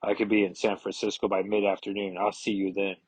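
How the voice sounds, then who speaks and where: A man voicing an elderly male telepath mentor, speaking in a measured, gentle, reassuring way. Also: lowish voice, level tone, husky, no echo, low-quality recording.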